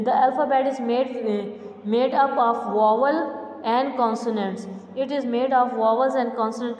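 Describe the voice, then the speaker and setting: A woman teacher, going slowly through a revision lesson and repeating each answer word by word. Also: a little high, darkish tone. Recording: echoey room, faint background hum.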